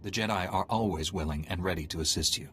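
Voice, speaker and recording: A brisk low-voiced Jedi knight. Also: male voice, a bit bright. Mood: earnest. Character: dutiful male Jedi knight hero. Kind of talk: video game voice acting.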